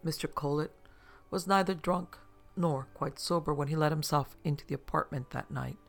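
A man narrating a story as an audiobook in a steady, even storytelling manner. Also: on the high side, moderate pace, creaky, faint music behind.

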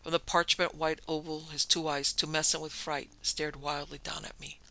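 A man reading a horror story aloud as narrator, in a measured, tense storytelling manner. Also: on the high side, level tone, pushed and bright, low-quality recording. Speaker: narrator and producer.

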